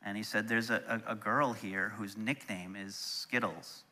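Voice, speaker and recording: A middle-aged man preaching, telling a personal story in an animated way that turns soft and quiet when he is moved. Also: lowish voice, a little slow. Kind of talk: storytelling sermon.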